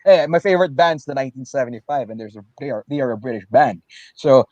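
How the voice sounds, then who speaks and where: A man who is a pro wrestler, co-hosting a casual livestream chat over a video call, excitable and animated. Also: mid-range voice, fast talker, dry recording, highs cut off. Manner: excitable, animated, jumps between loud and soft.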